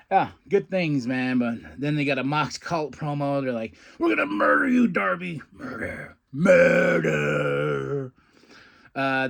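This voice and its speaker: A man hosting a podcast, recapping a wrestling show in a casual, excitable, rambling way and laughing often. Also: medium pitch. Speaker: podcast host.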